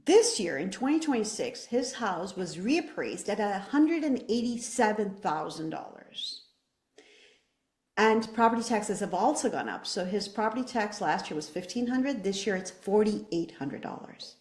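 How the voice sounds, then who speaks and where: A woman's voice: mid-range voice, sing-song, measured pace, a little mellow. Passionate woman candidate in a roomy space. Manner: passionate, emphatic, rhetorical questions. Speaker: political candidate. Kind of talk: interview answer.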